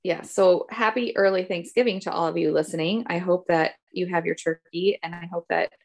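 A woman's voice: lowish voice, steady tone, normal speed, creaky. A middle-aged woman, a podcast co-host and mother, telling family stories in casual, rambling chat. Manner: chatty, rambling storytelling.

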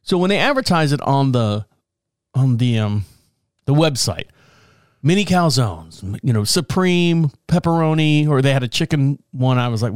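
A man's voice: mid-range voice, lively intonation, moderate pace, clear, resonant tone, dry recording. Middle-aged guy rambling on his podcast, jokey, cusses a lot, dry close mic. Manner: rambling, self-mocking, swears and laughs often. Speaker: podcast host. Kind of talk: casual monologue. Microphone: podcast mic, also filmed.

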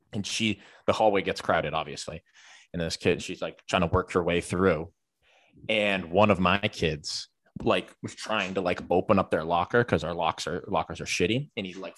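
A man's voice: low voice, a bit bright, no room sound, studio quality. A man who works as a teacher, telling a casual story with lots of fillers and the odd swear word. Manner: rambling, filler-heavy, profane.

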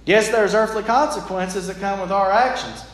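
A man's voice: high voice, fairly even intonation, normal speed. A man preaching a sermon in an earnest, plain-spoken, folksy way. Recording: echoey room.

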